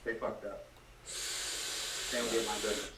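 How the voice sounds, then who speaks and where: A man's voice: lowish voice, level tone, moderate pace, recorded from a distance. A man co-hosting a casual podcast, ranting heatedly with constant swearing and laughing through his complaints. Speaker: podcast co-host. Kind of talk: casual profane ranting chat. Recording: echoey room, off-mic, noisy background.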